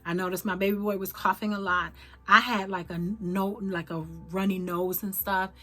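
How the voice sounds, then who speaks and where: A middle-aged woman telling a personal story to her viewers, halting and emotional, with many fillers and restarts. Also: medium pitch, level tone, bright, forceful tone. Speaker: vlogger.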